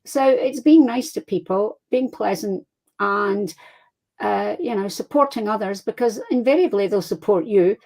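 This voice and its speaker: A woman with a Scottish accent, a crime fiction author chatting as an interview guest, telling lively anecdotes and laughing easily. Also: mid-range voice, unhurried, low-quality recording. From Scotland. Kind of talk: casual interview chat.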